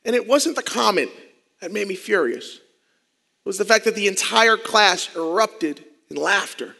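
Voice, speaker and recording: High bright-voiced man telling his story. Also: animated, moderate pace, creaky. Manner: swings between hushed asides and loud, intense passages. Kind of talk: dramatic storytelling speech. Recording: long reverb of a large hall.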